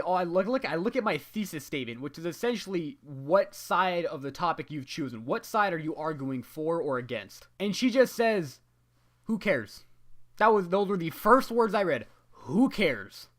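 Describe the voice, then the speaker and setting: A young adult student vents in an exasperated, profane vlog rant, their voice sitting at a middling pitch. They pile on "you know" fillers as the complaints keep coming. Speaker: student venting about a graded paper. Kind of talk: ranting vlog monologue.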